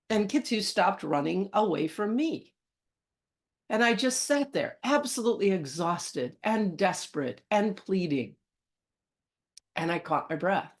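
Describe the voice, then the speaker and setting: A middle-aged woman, telling a personal story to camera in an expressive way, moving between urgent and hushed. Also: medium pitch. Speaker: personal growth channel host.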